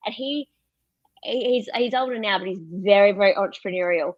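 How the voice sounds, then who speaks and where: This is a brisk, medium-pitched woman's voice captured close and dry, with no room sound and a slightly dull, muffled tone. She's an Australian podcast guest in her thirties telling a personal story in candid, casual conversation. She laughs often and acts out other people's lines.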